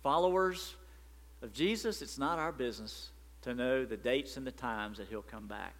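A man preaching a sermon as pastor, animated and emphatic. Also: mid-range voice, moderate pace, big-room sound.

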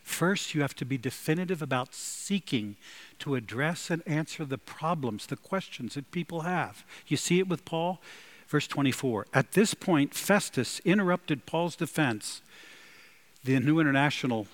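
A man preaching a sermon, emphatic and animated, with sudden loud bursts. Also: fairly high pitch, normal speed. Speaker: pastor.

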